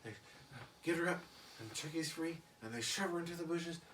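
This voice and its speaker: A man's voice: fairly high pitch, brisk, a bit bright, reverberant, recorded from a distance, a little hiss or hum. A man casually retelling a cartoon episode for friends, crude and rambling. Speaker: storyteller among friends. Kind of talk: comic retelling with voices.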